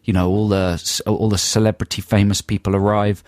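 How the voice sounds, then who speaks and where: A man's voice: fairly low pitch, level tone, fairly quick, darkish tone, no echo, clean studio sound. An English man co-hosting a radio show, telling a long, self-mocking story in casual banter with his co-host. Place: radio studio. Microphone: studio microphone.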